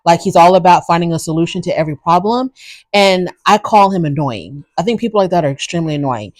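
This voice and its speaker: A woman's voice: fairly low pitch, animated, quick pace, darkish tone, no echo. A woman hosting a casual recap show, giving frank, opinionated commentary in a chatty way. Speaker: reality show recap host.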